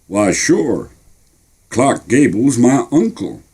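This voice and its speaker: A big boastful soldier with a drawling Texan accent, as a man puts him on. He brags in a lively, swooping voice with a dark, slightly husky tone. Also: mid-range voice, slow pace, full character voice. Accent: Texan American. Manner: bragging, drawling.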